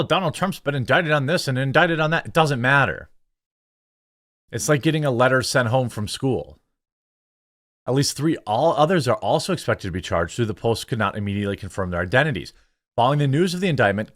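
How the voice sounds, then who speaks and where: A man's voice: medium pitch, fairly bright tone, no echo, clean studio sound. A man hosting a political commentary show, reading news articles aloud and breaking in with sarcastic, opinionated remarks. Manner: sarcastic, opinionated asides between quoted passages.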